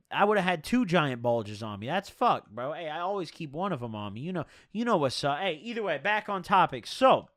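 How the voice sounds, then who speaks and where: A man's voice: on the high side, fairly bright tone, no echo, studio quality. A young man telling a rambling, profane storytime tale in slangy, casual talk.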